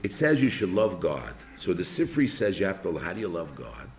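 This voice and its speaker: An older man, a rabbi teaching a yeshiva class in an informal lecture, asking his students animated rhetorical questions. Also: low voice, normal speed, a little hiss or hum.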